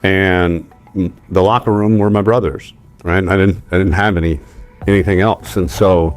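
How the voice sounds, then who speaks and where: A man's voice: low voice, steady tone, normal speed, faint music behind. A man, a football coach, answering questions candidly and searching for words as he talks. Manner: candid, searching, restarts sentences. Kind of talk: casual conversation.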